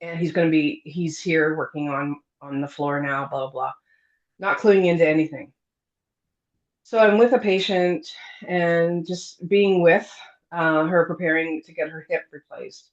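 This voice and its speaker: A woman's voice: low voice, a little slow. Chatty woman telling her story. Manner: lively storyteller, acts out quoted dialogue, many fillers. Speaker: guest telling her near-death story. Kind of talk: casual storytelling interview. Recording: dull lo-fi sound.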